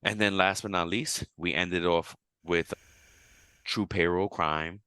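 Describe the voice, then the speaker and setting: A man with a very low voice co-hosts a podcast in a loose, casual back-and-forth. His tone is bright and forceful, and the recording is dry and close. He gets animated and shoots his voice way up when he acts out a reaction. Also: takes it slowly, smooth, dry recording. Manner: animated, jumps to high pitch when quoting himself. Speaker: podcast co-host.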